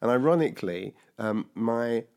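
A man in his sixties from England, telling his life story in a lively conversational way and acting out the voices of people he remembers. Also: medium pitch, normal speed.

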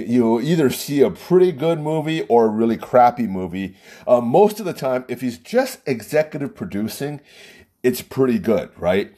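A man's voice: medium pitch, mellow, slightly rough. A man telling a rambling story in a casual monologue, often repeating words and restarting.

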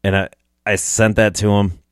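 A man's voice: lowish voice, little pitch movement, normal speed, clear, resonant tone, no room sound, studio quality. A young man telling an emotional story about a friend, choking up and swearing, laughing through the tears. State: choked up, close to tears. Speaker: hunting personality.

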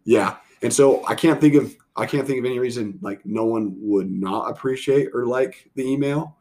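A man's voice: medium pitch, normal speed, darkish tone. A man hosting a family podcast, chatting casually and rambling with lots of fillers. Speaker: podcast host. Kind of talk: casual chat.

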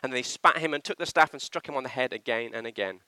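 A man preaching a sermon in a church, with an animated, emphatic delivery that slips into acted quotations. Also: mid-range voice, fast, dry recording.

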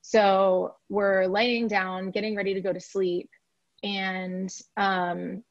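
A woman guest tells a personal story in a relaxed, chatty way, sprinkling in "like" and "you know". Her voice sits at an ordinary pitch for a woman. The recording is dry, with no room sound, and slightly dull. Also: slow, no echo. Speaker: podcast guest.

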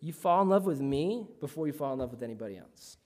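A man voicing God as a calm, reassuring figure who gives firm, repeated instructions. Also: a little high, quick pace, lightly acted.

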